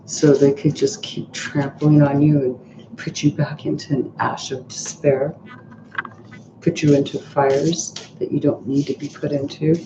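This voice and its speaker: A woman's voice: low-pitched, little pitch movement, a little slow. A woman giving a casual, chatty tarot reading, rambling with many restarts and fillers. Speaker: tarot reader. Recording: roomy, dull sound with faint noise.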